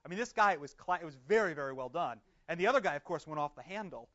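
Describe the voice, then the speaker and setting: High-voiced guy leading a church class, chatty, lots of yeahs and laughs, muffled lo-fi sound. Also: animated, very fast, a bit bright. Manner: chatty and affirming, laughs often. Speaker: church discussion leader. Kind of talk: casual group teaching. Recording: dull lo-fi recording.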